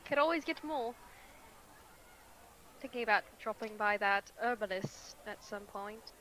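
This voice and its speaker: A woman's voice: medium pitch, unhurried, a bit bright, slight background noise, rough recording. A woman playing a tabletop game, speaking hesitantly with many fillers as she asks about rules and plans. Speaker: player. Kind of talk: tabletop role-play.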